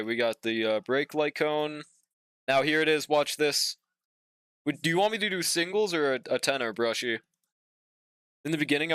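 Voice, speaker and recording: Smooth-voiced casual streamer guy. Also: medium pitch, a bit bright, no echo, clean studio sound. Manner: laid-back, slangy, swears, hums and scats while waiting. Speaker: streamer reading chat. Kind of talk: casual live-stream chat while playing.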